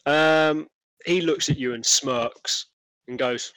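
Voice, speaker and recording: A man narrating a tabletop game as game master, relaxed and full of fillers. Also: on the high side, slow, clear, resonant tone, rough recording. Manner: relaxed, many fillers and restarts.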